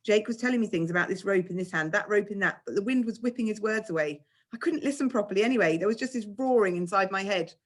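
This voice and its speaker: A woman, a teacher, reading a children's novel aloud with expressive storytelling. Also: mid-range voice, fast, few pauses.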